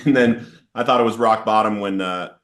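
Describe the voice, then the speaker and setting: Male guest, lower register, earnest testimony delivery, builds intensity when recounting outbursts. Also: fairly even intonation, normal speed, a bit bright. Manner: earnest, storytelling with rising intensity in quoted outbursts. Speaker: podcast guest sharing recovery story. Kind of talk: emotional personal testimony.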